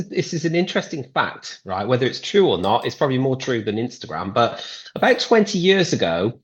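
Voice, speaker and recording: A man's voice: mid-range voice, lo-fi sound. A man from Britain, a guest guitarist, chatting casually on a podcast and telling stories with lots of restarts. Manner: rambling, lively storytelling with many restarts.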